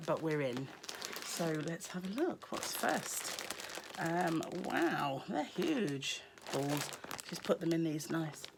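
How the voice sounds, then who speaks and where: A hoarse British woman chatting casually as she unboxes yarn for her crochet vlog, often dropping to a near whisper. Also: sits low, noisy background. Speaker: crochet vlogger.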